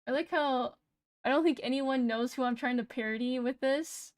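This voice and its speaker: A woman's voice: high-pitched, moderate pace, no room sound, clean studio sound. A young woman streamer chatting casually, laughing, swearing freely and joking at her own expense. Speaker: VTuber streamer.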